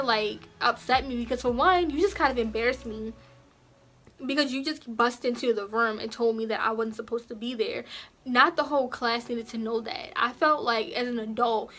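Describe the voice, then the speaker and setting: A young woman recounting a personal story to her viewers in a casual, chatty way. Her voice sits a little high, and she jumps up in pitch and volume whenever she imitates someone. Soft music plays faintly behind her. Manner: animated, acts out quotes in raised voices. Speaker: vlogger.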